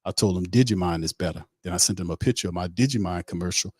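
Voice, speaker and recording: Man doing boastful male quarterback, rambling comic monologue, very low voice, dry sound. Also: quick pace, breathy edge, dry recording. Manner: rambling comic storytelling with mock dialogue.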